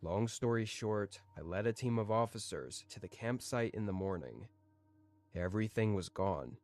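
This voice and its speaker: Guy with a lowish voice telling a creepy camping story, calm and steady. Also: normal speed. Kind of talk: scripted first-person horror narration.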